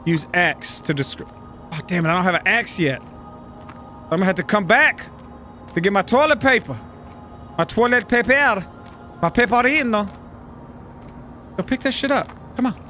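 A man's voice: high voice, moderate pace, sharp tone, faint music behind. A young adult American man giving profane, joking commentary as he plays a video game and reads game text aloud. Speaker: gaming YouTuber.

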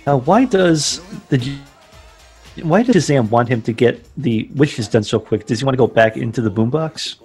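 Husky young man, mid-pitched, laughing often. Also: animated, normal speed, a little mellow, faint music behind. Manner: laughing, wisecracking, stammers. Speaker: podcast co-host. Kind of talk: crude casual movie commentary.

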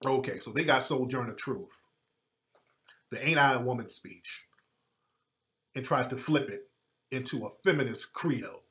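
A man's voice: mid-range voice, measured pace, long pauses, pushed and bright. A man giving a heated commentary rant, emphatic and repetitive, with frequent swearing. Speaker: online commentator.

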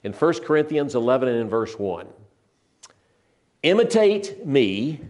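An older man delivers a sermon earnestly and emphatically in a medium-pitched, slightly mellow voice. He slows down to stress scripture and often repeats and restarts his phrases.

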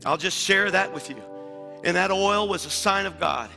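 Impassioned high-voiced male pastor preaching. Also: moderate pace, creaky, big-room sound, soft background music. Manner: impassioned preaching, swinging between hushed asides and loud declarations. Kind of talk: sermon. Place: church sanctuary.

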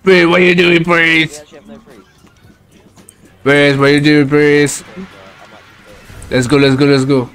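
A young male game streamer with a somewhat high voice. He talks in a slow, drawn-out way but bursts into excited, shouted callouts to his team. Faint music plays under his commentary. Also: smooth. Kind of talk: live gameplay commentary.

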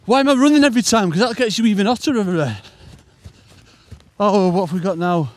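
Brief: English male angler host, high bouncy voice, overheated chatter by a lake. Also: fast talker. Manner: excitable, chatty, exclaiming and groaning. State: overheated, panting. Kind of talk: banter while fishing outdoors. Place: outdoors at a fishing lake.

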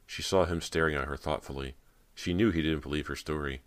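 Deep voiced guy narrating a scary book, calm steady read, totally dry sound. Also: fairly quick, dry recording. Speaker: audiobook narrator. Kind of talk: audiobook narration.

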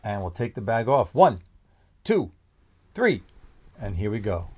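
A middle-aged man who owns a menswear shop, unboxing products in an excited, exclaiming, rambling vlog. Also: fairly low pitch, measured pace, slightly rough. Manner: enthusiastic, exclaiming, loosely rambling.

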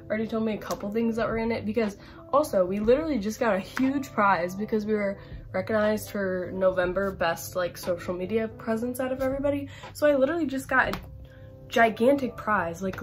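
A 21-year-old woman chatting in an unboxing vlog, gushing and rambling with constant "like" and "literally.". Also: mid-range voice. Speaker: campus brand rep.

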